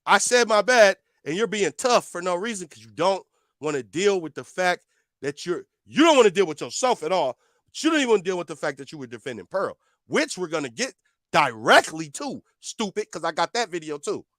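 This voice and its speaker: A man's voice: sits high, very animated, fairly quick, a bit bright, no room sound, studio quality. A man giving heated reaction commentary, confrontational and repeating his points as he talks back at a clip.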